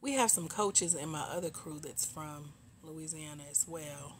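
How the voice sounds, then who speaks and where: A woman's voice: low voice, a little slow, slight background noise. A middle-aged woman from Georgia, hosting a casual livestream chat with viewers. She laughs often and calls her viewers "girl" and "y'all.". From Georgia, US South. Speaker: host.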